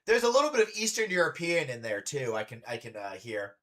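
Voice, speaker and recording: A man's voice: mid-range voice, very animated, quick pace, a bit bright. Chatty, teasing man hosting a stream. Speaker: streamer host, drag performer. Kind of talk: casual reaction-stream chat.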